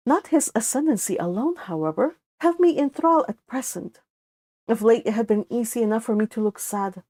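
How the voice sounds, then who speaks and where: Reading a classic novel aloud for an audiobook, a young woman with a Spanish accent and a slightly high voice keeps an unhurried, steady pace. Occasionally she pauses to make an offhand remark or correct herself.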